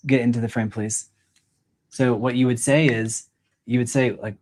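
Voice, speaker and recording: A man's voice: medium pitch, steady tone, moderate pace, a little mellow, slight background noise. A man coaching a young actor, explaining with lots of "like" and acting out line readings himself.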